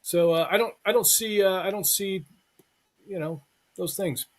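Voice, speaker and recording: A man's voice: sits high, moderate pace. A man hosting a live online show, joking with co-hosts and reading a guest introduction. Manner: joking, reads intro aloud. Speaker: show host.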